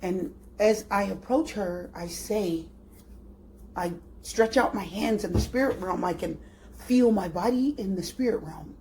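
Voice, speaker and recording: A woman narrating a guided spiritual meditation. Her voice is mellow and dark-toned, at a middle pitch. She speaks slowly and dreamily, and she often repeats her phrases. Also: a little hiss or hum. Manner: slow, dreamy and soft-spoken, with repetitions. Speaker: tarot reader.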